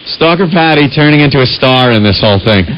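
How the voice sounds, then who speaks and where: A male co-host on talk radio with a mid-range voice, wisecracking and slipping into quick imitations of other people. The audio is muffled and carries a faint hiss. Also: medium pitch, expressive.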